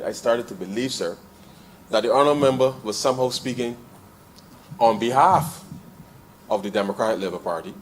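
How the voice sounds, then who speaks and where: A man giving a parliamentary debate speech in the chamber, addressing the chair with a steady "sir" and building to emphatic rises. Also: medium pitch, a little hiss or hum, poor audio. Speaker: member of parliament.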